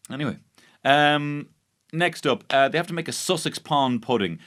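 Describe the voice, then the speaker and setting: A man's voice: a little high, animated, normal speed, fairly bright tone, slight background noise. A man with an Irish accent hosting a podcast, recapping a baking show in a sarcastic, sweary, mock-outraged monologue. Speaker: podcast host. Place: podcast studio.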